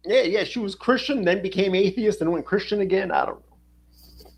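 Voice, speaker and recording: Husky high-pitched man chatting. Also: moderate pace. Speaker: co-host. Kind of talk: casual chat.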